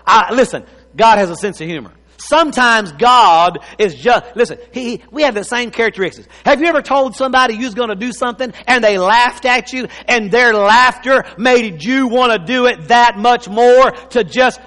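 A man's voice: very high-pitched, moderate pace, bright, forceful tone. A man preaching a sermon, in a folksy, playful way, laughing and joking with the congregation. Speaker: pastor. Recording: long hall reverb.

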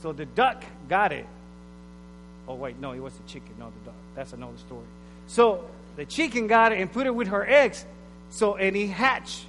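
A high-voiced man preaches in a loose, conversational way and tells his stories with animation. His voice carries a long church-hall reverb, and a loud mains hum runs underneath. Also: lively intonation, normal speed. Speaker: pastor. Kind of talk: sermon.

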